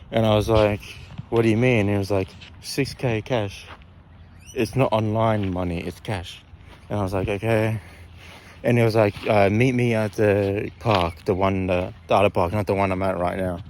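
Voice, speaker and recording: A man's voice: fairly low pitch, a little mellow, slight background noise. Young man rambling through a storytime. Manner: rambling, many fillers and restarts. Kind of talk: casual storytime vlog. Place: outdoors in a park.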